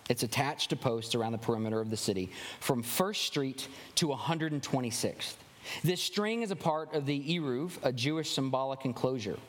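A male pastor giving a conversational sermon with animated, wry asides. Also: medium pitch. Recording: long hall reverb.

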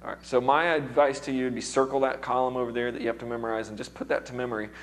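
A man's voice: mid-range voice, flat delivery, racing. A man teaching music theory to a worship class in a casual, encouraging way, often checking in with his students, his voice a little worn. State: recovering voice.

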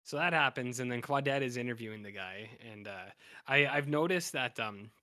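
In clean, dry studio audio with no room sound, a man co-hosting a podcast gives a casual, rambling recap of an episode, full of fillers and restarts. He speaks at normal speed with a medium-pitched voice that is pushed and bright.

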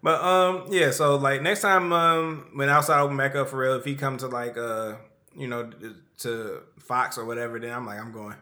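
A man's voice: mid-range voice, steady tone, normal speed, bright, forceful tone. A young man from Michigan co-hosting a podcast in casual chat, rambling, repeating himself and trailing off into mumbles. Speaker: podcast co-host.

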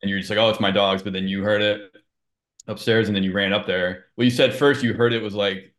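A man's voice: lowish voice, fairly even intonation, brisk, a bit bright. A man co-hosting a podcast who casually prompts his partner and retells his partner's stories back to him. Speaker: podcast co-host. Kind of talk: casual interview chat.

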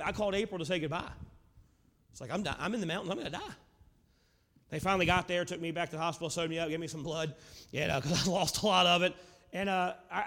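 A man preaching a sermon. He asks his listeners rhetorical questions and swings from loud, emphatic lines down to low, quiet ones. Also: in a large hall. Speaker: pastor.

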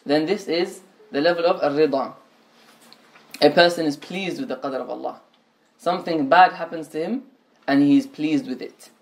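Man giving a religious lesson. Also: on the high side. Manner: explanatory, repeats and restates phrases, mixes Arabic terms. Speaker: Islamic teacher.

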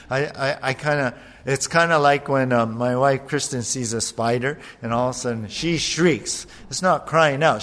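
A man preaching a sermon as pastor, animated, acting out voices as he retells a passage. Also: a little high, unhurried. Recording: long hall reverb.

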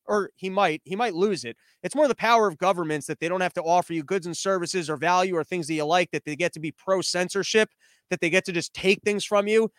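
A man with a high-pitched voice hosts a comedic commentary show from his living room studio. He rambles and riffs sarcastically, often restarting sentences. The sound is dry and close, with no room echo. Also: a bit bright. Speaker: podcast host.

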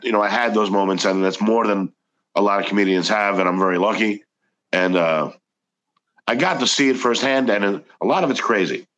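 A man's voice: medium pitch, fairly bright tone, poor audio. Chatty man telling stories. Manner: chatty, anecdotal, frequent restarts. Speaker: guest comedian. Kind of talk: casual storytelling.

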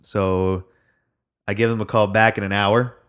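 Young man, casual chat, lowish voice, rambling, swearing, lots of fillers. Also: flat delivery, measured pace, a bit bright, clean tone. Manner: rambling storytelling, heavy swearing, frequent fillers.

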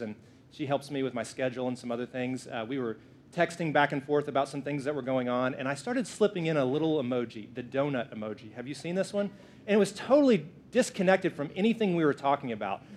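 A man in his thirties, a pastor, preaching a sermon in a church in a playful, joking way. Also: on the high side. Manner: playful, lively, jokes with the congregation.

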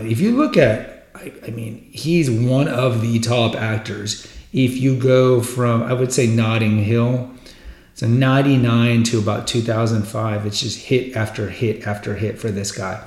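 A man's voice: medium pitch, unhurried, darkish tone. A man hosting a podcast, chatting casually and enthusiastically about a film career in a rambling, conversational way. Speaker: podcast host. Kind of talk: casual film retrospective chat. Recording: roomy echoey room sound.

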